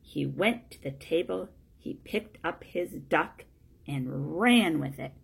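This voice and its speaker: A woman reading a children's storybook aloud in a plain, steady way, one sentence at a time. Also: deep voice, takes it slowly, gravelly, breathy edge. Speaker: storybook reader.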